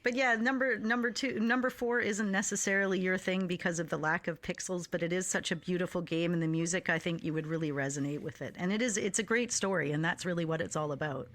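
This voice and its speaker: Low-ish woman podcast host, chatty and excited, laughs a lot. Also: quick pace, hardly any pauses. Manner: enthusiastic, laughs often. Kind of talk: casual chat.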